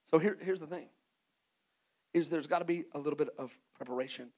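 Role: pastor. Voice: man, a bit high. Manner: animated. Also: brisk, low-quality recording. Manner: animated, playful, acts out little scenes. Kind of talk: sermon.

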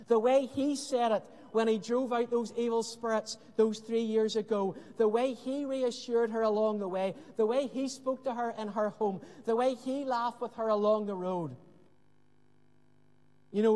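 A man preaching a sermon with earnest emphasis and dramatic pauses, often dropping to a hushed voice. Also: high-pitched. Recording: long hall reverb.

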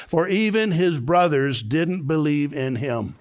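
An older man, a pastor, preaching a sermon with emphatic delivery that climbs to high, excited peaks. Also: a little slow.

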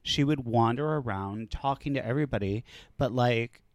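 A man's voice: medium pitch, moderate pace, no room sound. A man hosting a podcast, chatting casually and gossipy, with lots of "like" fillers. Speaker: podcast host. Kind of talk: casual chat.

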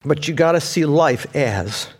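A man preaching a sermon in a casual, fervent way, calling listeners "man" and "guys" and climbing loud and high as he reads scripture aloud. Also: animated, a little slow.

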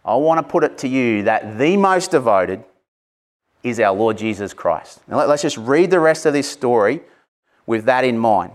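Passionate, animated male preacher. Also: mid-range voice, moderate pace. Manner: passionate, animated, conversational with asides. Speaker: pastor. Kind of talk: Easter sermon.

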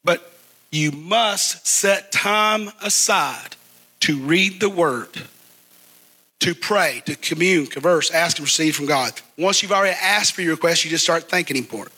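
A preacher, a man, delivers his sermon in a high, ringing voice. His tone is bright and forceful, and he draws the congregation into call and response. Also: unhurried, pauses often. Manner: call-and-response preaching, asks the crowd to repeat. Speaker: pastor.

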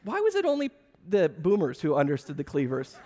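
A pastor with a high voice gives a sermon in an easygoing, joking, conversational tone. He sounds a little strained, as he is losing his voice. His words ring out with the long reverb of a large hall. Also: huge pitch swings, fairly quick, warm tone. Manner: casual, joking, conversational preaching. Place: church service.

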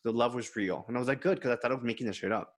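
A man of ordinary pitch, talking casually on a podcast. He tells a personal story candidly and quotes others in his own voice. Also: rapid-fire. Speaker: podcast co-host. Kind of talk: casual chat.

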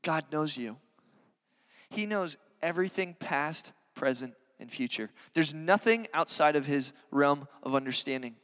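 A man's voice: on the high side, expressive, a little slow, a bit bright. A man preaching a sermon as a pastor, earnest and conversational, with many casual fillers. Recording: long hall reverb.

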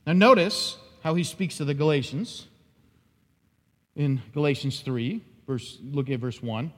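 Pastor, male, high and lively delivery, husky, dramatic sermon style; recorded with long hall reverb. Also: unhurried. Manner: animated, acts out quoted lines with sudden rises. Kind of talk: expository sermon. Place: church sanctuary.

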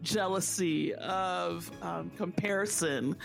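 A woman of Haitian background speaking earnestly and warmly about her faith in a conversation, repeating phrases for emphasis. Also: fairly low pitch, takes it slowly, gravelly, soft background music. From Haitian family.

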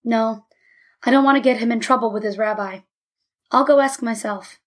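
A tired, careful father, played by a woman narrator, speaks quietly and politely. He sounds measured and restrained in a read-aloud story. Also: a little high, close to an everyday voice. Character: weary, cautious middle-aged father.

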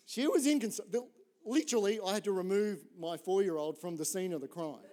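A middle-aged man preaches with a fairly high voice. He tells his story in a lively, chatty way and keeps tossing "right?" to the listeners, moving easily between humour and earnest points. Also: fairly quick. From Australia. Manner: animated, conversational, often asks "right?". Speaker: pastor. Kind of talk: sermon with storytelling.

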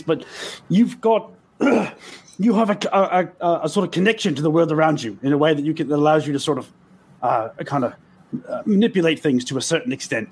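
A man with a husky, slightly high voice plays a tabletop game. He rambles and stumbles, restarting his sentences as he talks in character. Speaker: player.

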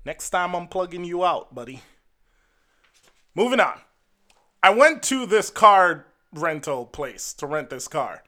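An earnest, wry man from Jamaica chats to camera, unhurried and bright in tone. His voice sits fairly high, and he leans into each story. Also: very animated. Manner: earnest and wry, acts out the people in his stories. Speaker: vlogger.

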